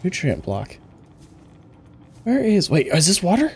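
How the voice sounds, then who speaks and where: A man giving excitable let's play commentary, thinking aloud and gasping at each new find. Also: on the high side, moderate pace, long pauses, breathy edge. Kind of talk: gameplay commentary.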